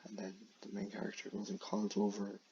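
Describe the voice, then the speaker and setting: A creator casually retells the plot of his own film idea in a lowish, dark, monotone voice, moving briskly. He rambles, full of fillers and restarts, on a dull lo-fi recording with slight background noise.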